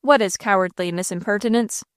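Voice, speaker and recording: A woman's voice: mid-range voice, fairly quick, clean tone, no room sound, clean studio sound, close to an everyday voice. A woman voicing a hot-tempered old man in an audiobook, scolding and blustering. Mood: scornful.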